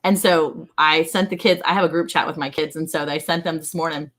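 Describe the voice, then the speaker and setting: A woman hosting a casual livestream from a ranch home, chatty and excited and laughing often. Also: deep voice, brisk. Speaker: livestream host.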